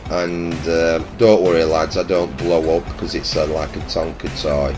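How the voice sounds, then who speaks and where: A man's voice: flat delivery, measured pace, music in the background. A man hosting casual game commentary into a headset mic, teasing his friend with mild swearing. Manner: teasing, swearing, mumbled low asides. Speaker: gaming channel host. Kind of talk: casual game commentary over party chat.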